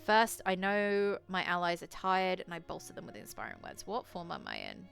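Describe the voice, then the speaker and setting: A woman's voice: fairly low pitch, wildly swooping pitch, moderate pace, creaky, fairly bright tone, soft background music. Casual woman narrating a werewolf game. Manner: casual, swearing, laughing at herself. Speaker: solo tabletop game player and narrator. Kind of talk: reading and playing a solo tabletop adventure.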